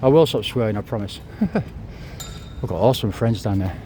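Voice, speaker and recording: Walking outdoors through the city for his travel vlog, a man in his fifties chats and rambles, slightly winded, cursing and saying sorry for it. His voice is lowish, mellow and lively in intonation at normal speed, recorded on a phone clip-on mic amid street noise.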